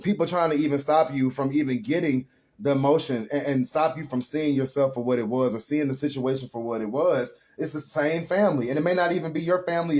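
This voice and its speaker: A man's voice: fairly high pitch, a little mellow. A man giving a casual spiritual tarot reading to viewers, talking in an earnest, emotional and rambling way. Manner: addresses viewers as y'all. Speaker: tarot reader.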